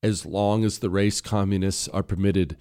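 Man hosting an opinion show, lowish voice, scornful and sarcastic. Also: fairly even intonation, normal speed, warm tone, smooth. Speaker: political commentary host. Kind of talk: opinion commentary.

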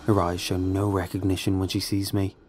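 A man narrating a first-person horror story in a somber, measured, grave way. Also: sits low, monotone, a little mellow, slight background noise.

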